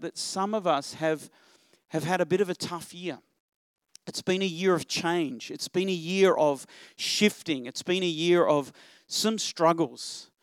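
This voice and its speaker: A middle-aged man preaching a church sermon, animated, asking rhetorical questions and swinging between loud urging and quiet reflection. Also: high voice, dry recording. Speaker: pastor.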